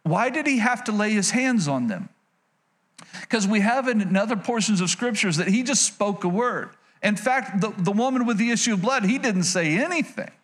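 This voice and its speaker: A man's voice: high voice, expressive, normal speed, fairly bright tone. A male pastor preaching a sermon to a congregation in a church. He preaches with energy, breaks into playful asides, and calls out to the people listening.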